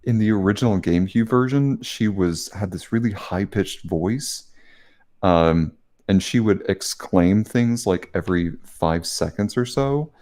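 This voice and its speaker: A man's voice: fairly low pitch, unhurried, a little mellow. A man co-hosting a podcast in casual chat, giggly and rambling with many fillers. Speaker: podcast co-host.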